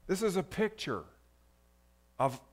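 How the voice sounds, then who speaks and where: A man's voice: sits high, very animated, slow. A man preaching a sermon, reading scripture emphatically and calling to the audience for responses. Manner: emphatic, rises to loud exclamations when reading scripture.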